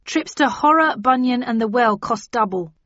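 A woman's voice: fairly high pitch, animated, moderate pace, fairly bright tone, no room sound, voice pushed up. Woman doing a pushy male cabbie. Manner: pushy, bargaining. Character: pushy male taxi driver, cheeky. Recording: dull, dry recording.

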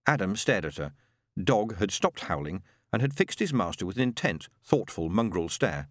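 Expressive male audiobook narrator. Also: low-pitched, dry recording, clean studio sound. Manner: expressive storytelling, dramatic pauses.

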